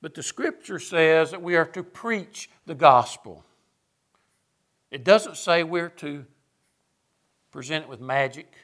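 A man's voice: a little high, expressive, slow pace, long pauses, fairly bright tone. Emphatic preacher man. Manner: sarcastic, emphatic, lists with rising force. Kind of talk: sermon.

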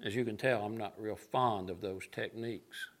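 A man's voice: lowish voice, fairly even intonation, normal speed. A man preaching a sermon, emphatic and sarcastic, building his points through lists.

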